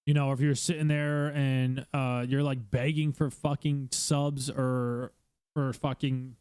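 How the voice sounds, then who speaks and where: A man's voice: medium pitch, flat delivery, slow, darkish tone, clean tone, dry recording. A male streamer hosting his own podcast, giving blunt casual advice with lots of swearing and fillers, talking from a room at home.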